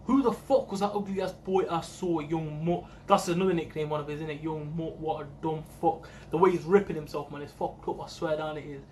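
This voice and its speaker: A man's voice: a little high, a little fast, hardly any pauses, slight background noise. A young British man reacting to an album in casual, slang-heavy, swear-filled commentary. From United Kingdom. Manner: slangy, swears often, excitable. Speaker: music reaction video host.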